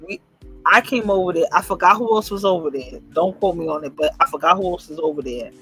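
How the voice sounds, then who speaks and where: A man's voice: high voice, quick pace, bright, forceful tone, faint music behind, rough recording. A man hosting a casual livestream chat, gossipy and laughing often as he acts out what others said. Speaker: host.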